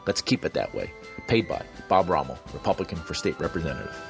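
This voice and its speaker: A man's voice: rumbling low, sing-song, fast, gravelly. A man reading a scripted political radio ad in a folksy, persuasive way, with a music bed behind him.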